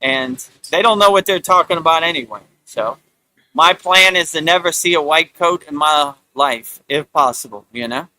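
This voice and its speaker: Bright man rambling casually. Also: on the high side, normal speed, no echo. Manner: rambling, repeats "you know", mocking put-on voices. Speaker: spiritual talk host. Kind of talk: casual live-stream monologue.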